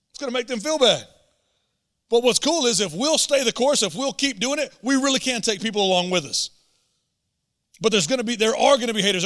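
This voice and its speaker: A man's voice: sits high, bright, forceful tone. A man preaching a sermon as a pastor, earnest and emphatic, often repeating words as he presses a point. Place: church auditorium. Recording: long church hall reverb.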